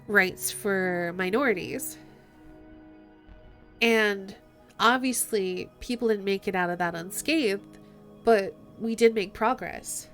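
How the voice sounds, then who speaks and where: A woman streaming a game, softly reading the dialogue aloud and reflecting on it in casual chat. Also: mid-range voice. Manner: reflective and soft-spoken, reading choices aloud.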